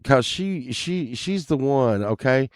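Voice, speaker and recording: A middle-aged man, telling a casual anecdote and loudly acting out the people in it. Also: mid-range voice, takes it slowly, no room sound, studio quality. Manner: animated, acts out quoted lines loudly, laughs while telling. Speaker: storyteller.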